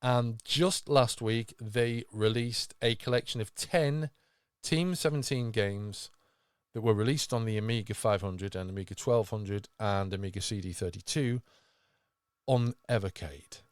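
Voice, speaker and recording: A man's voice: fairly low pitch, a little slow, clear, resonant tone, no room sound, studio quality. A man hosting a podcast, talking with enthusiasm and rambling through fillers and restarts. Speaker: podcast host. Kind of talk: casual podcast chat.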